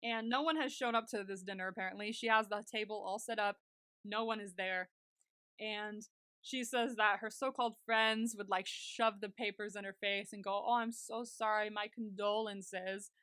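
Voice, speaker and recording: This podcast co-host, a young woman, gushes casually over a TV episode she's recapping, leaning heavily on "like." She has a mid-range, sharp, smooth voice with fairly even intonation at a normal speed, captured dry in studio quality.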